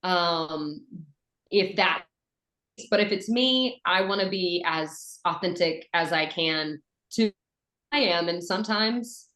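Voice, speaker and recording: A woman's voice: lowish voice, slow pace. Chatty Southern woman in an echoey room. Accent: Western North Carolina Southern, softened. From Western North Carolina, USA. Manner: chatty, animated, with fillers and restarts. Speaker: voice actress and dialect coach. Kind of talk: conversational interview.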